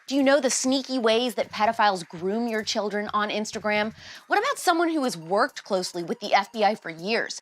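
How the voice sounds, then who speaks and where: A woman hosting a show, giving sarcastic pop-culture commentary in a quick, punchy way. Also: medium pitch, fairly bright tone. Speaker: show host. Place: state of Arizona.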